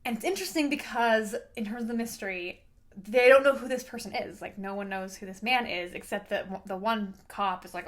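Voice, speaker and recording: A woman hosting a casual book review vlog, talking in an animated, gushing way with playful exclamations. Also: mid-range voice, fairly quick.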